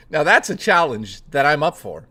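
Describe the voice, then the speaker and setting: A man's voice: fairly high pitch, pushed and bright. A man hosting a casual chat stream, rambling and joking with plenty of swearing, greeting chat readers by name. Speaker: livestream host.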